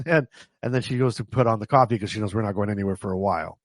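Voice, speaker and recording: A man's voice: medium pitch, racing, no room sound. A man telling funny stories from his own life in a casual, self-mocking way, laughing often and stopping to restart his sentences. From Canada. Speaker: vlogger. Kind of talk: casual storytelling to camera.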